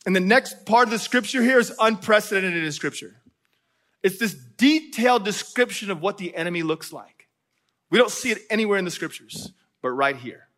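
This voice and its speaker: Man, preacher, high-pitched voice, chatty sermon, keeps asking the crowd "right?". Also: a bit bright. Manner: conversational, often checks in with the audience with "right?".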